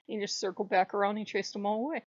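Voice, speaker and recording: A woman hosting a casual spiritual vlog, telling a rambling, animated story and laughing often. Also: mid-range voice, fast, dry recording. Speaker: channel host. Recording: dull lo-fi dry recording.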